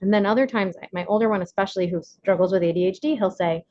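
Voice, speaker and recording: Speaking fast on a video call, a woman guides an online recovery workshop and performs quotes with wide swings in pitch, full of animation. The audio sounds dull.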